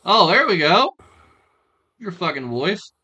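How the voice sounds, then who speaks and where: A man's voice: high-pitched, very animated, takes it slowly, sharp tone, husky. A man giving crude, mocking reaction commentary on a stream, often breaking into laughter. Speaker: stream reviewer.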